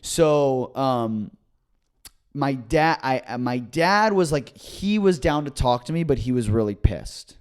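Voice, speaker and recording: A young man co-hosting a comedy podcast, telling a story in a casual, animated way and acting out the people in it. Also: slow pace, clear, resonant tone. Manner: animated, acts out quotes with big pitch jumps. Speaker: podcast co-host.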